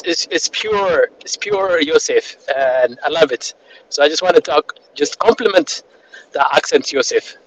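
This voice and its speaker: A man on a call, rambling with many fillers and restarts while he drives. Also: a little high. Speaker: panel participant. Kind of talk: casual discussion on a call. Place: in a moving car. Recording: noisy car call audio.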